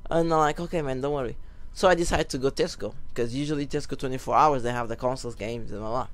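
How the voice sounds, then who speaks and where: Over footage of a football video game, a young YouTuber with a mid-range voice talks quickly through a wandering story, pausing for bursts of excitement whenever there's a goal.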